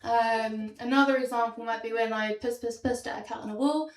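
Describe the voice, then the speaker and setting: A young woman performs stand-up comedy on a small theatre stage, talking through her slides in a wry, self-deprecating way with frequent ums. Her voice sits slightly high. It is picked up from a distance, so the room's echo comes through clearly. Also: fairly even intonation, fairly quick, heavy background noise. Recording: roomy sound from a distance.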